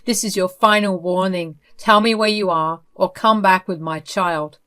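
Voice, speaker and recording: A woman's voice: fairly low pitch, steady tone, normal speed, fairly bright tone, natural voice. A woman voicing a furious young mother who speaks in an angry, threatening way. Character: furious young mother confronting her child's abductor.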